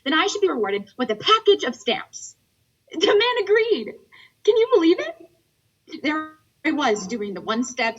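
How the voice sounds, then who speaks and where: A playful young woman tells her sweetheart about a comic mishap in an animated, amused way, as a woman acts her. Her voice is breathy and a little high. She sounds distant and muffled, like a dull video call. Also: heavily acted. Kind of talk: theatre monologue over video call.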